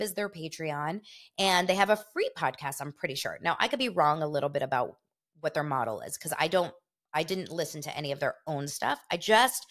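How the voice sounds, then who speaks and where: Woman, podcast host; loose gossipy chat, slightly low pitch, rambling delivery. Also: a bit bright. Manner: chatty, rambling, talks to listeners directly.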